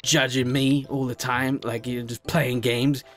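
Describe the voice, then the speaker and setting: A man doing gameplay commentary, swearing and scolding himself and his character, swinging between yelling and low muttering. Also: little pitch movement, a little slow, faint music behind. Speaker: gaming YouTuber.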